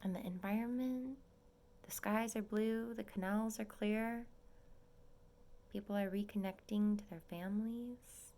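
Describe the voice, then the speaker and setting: A young woman vlogging from her small apartment as a nursing student, chatting and gushing and often dropping into a soft whisper. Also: medium pitch, steady tone, measured pace. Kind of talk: casual vlog update.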